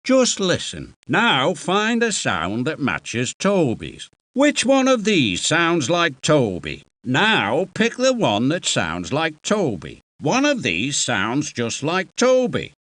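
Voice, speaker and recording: A man's voice: fairly high pitch, wildly swooping pitch, slow, few pauses, a bit bright, dry recording. A man from the UK giving patient, encouraging instructions as narrator of a children's game, recorded in a studio. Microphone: close studio mic.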